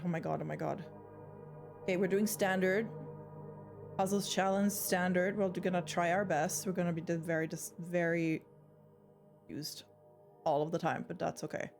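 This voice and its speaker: Excitable young woman streamer, casual chat. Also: on the low side, moderate pace, gravelly, soft background music. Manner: excitable and chatty, swears freely. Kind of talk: casual live-stream chat while gaming.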